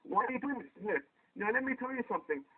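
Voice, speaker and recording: This man's very high-pitched, husky voice moves at a quick, animated clip as he hammers his opponent with insistent questions during a heated online argument. The audio comes through a poor-quality mic on a tinny, phone-like voice chat line.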